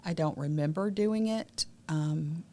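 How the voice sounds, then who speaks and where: Southern woman, low-pitched, podcast co-host giving frank emotional testimony. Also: slow pace. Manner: candid, emotional, drops to quiet tones. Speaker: podcast co-host sharing her survival story. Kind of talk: personal testimony in conversation.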